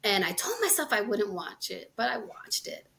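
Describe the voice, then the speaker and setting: A woman's voice: medium pitch, very animated, normal speed, creaky, pushed and bright. Chatty woman podcast host, laughing often. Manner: chatty, laughs often, acts out quoted dialogue. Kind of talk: casual chat.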